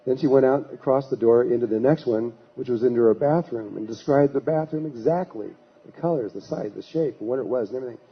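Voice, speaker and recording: This male lecturer speaks quickly, with few pauses, in a husky mid-range voice as he rambles through a long anecdote and performs the voices of the people in it. It's a storytelling talk captured on a dull, lo-fi recording.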